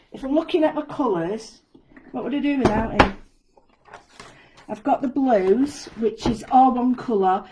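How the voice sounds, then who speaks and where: A woman's voice: fairly high pitch, warm tone, breathy edge, poor audio. A woman giving a chatty, step-by-step live craft demonstration from an indoor studio. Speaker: guest designer demonstrating a craft.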